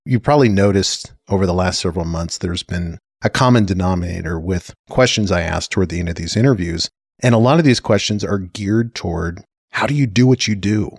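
A middle-aged man hosting a podcast in casual chat, chatty and laughing often, trailing off into softer asides. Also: low voice, a little fast, breathy edge, no echo, studio quality. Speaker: podcast host.

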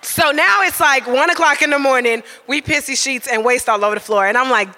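A man tells a comic story live, animated and constantly checking in with "right?". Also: extremely high pitch, a little fast, hardly any pauses, big-room sound. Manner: animated, keeps asking "right?".

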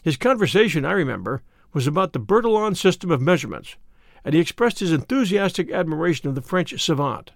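Male narrator, lively pitch, dry close sound, expressive read. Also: quick pace, vocal fry, no echo. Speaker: audiobook narrator. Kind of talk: scripted narration.

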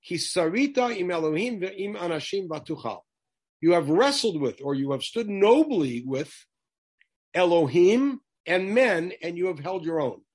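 Guy teaching a study class, high husky voice, really lively, keeps asking questions. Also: unhurried. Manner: animated, asks many rhetorical questions.

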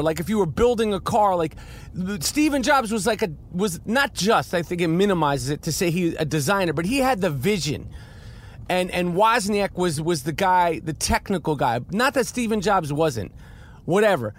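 A middle-aged man rambles through a casual film review, cursing and circling back on himself. His voice sits high for a man. He talks outdoors on a city street. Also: expressive, normal speed. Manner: rambling, profane and fiery, with many restarts. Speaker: podcast host and actor reviewing a film.

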